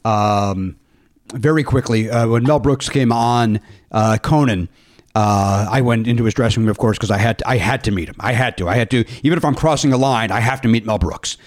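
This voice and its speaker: A man hosting a podcast, telling stories in an excitable, animated way and laughing often. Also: mid-range voice, a little fast. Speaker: podcast host. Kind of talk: casual chat.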